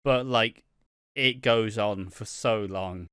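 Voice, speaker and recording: A man's voice: fairly low pitch, slow, sharp tone, smooth, dry recording, clean studio sound. A man co-hosting a podcast in casual, rambling chat, swearing freely and laughing often. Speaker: podcast co-host.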